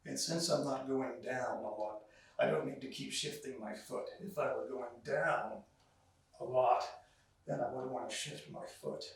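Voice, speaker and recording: A man's voice: medium pitch, unhurried. A man teaching a qigong class, talking students through movements, counting breaths aloud with long exhaled sounds, and a little out of breath. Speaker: qigong instructor. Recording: very echoey room, voice far from mic.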